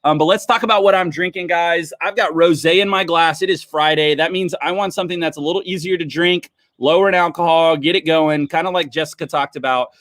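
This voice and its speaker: A man's voice: a little high, steady tone, brisk, few pauses, a bit bright, no echo, clean studio sound. A man hosting a casual livestream wine tasting, chatting upbeat with viewers. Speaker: livestream host.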